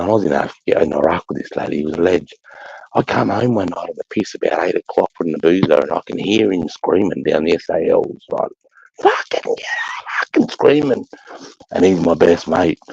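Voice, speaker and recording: A man tells crude, rambling stories in a casual chat and swears constantly. His voice is very low, dark and gravelly. The recording is muffled and dry. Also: dry recording. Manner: crude, swearing, rambling anecdotes with frequent laughter.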